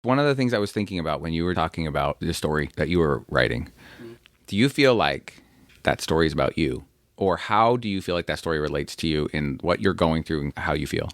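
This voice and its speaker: Deep-voiced father hosting, dry sound. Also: expressive, a little fast, no echo. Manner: reflective, gently joking. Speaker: podcast host, father. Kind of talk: casual chat.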